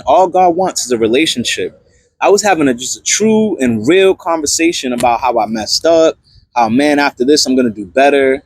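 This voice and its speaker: A young man casually telling a personal testimony story in an animated, slangy way, full of fillers and restarts. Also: medium pitch, no room sound.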